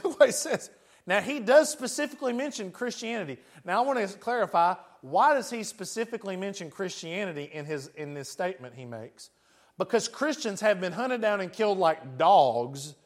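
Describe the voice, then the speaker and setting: A man with a West Tennessee accent preaching a sermon in a folksy, joking way, laughing often. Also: sits high.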